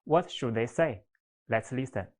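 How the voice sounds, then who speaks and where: A teacher leading a beginner Chinese lesson at an unhurried, steady pace. The delivery is patient, and each example word is stretched out slowly for students to repeat. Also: mid-range voice. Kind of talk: slow instructional explanation with repeat-after-me drills.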